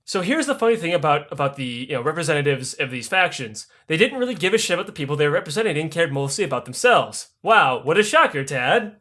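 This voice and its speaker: A man's voice: a little high, fast talker, few pauses. A man hosting a podcast, telling history as comedy with crude jokes and lots of swearing. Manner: crude, animated, swearing freely. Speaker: podcast host.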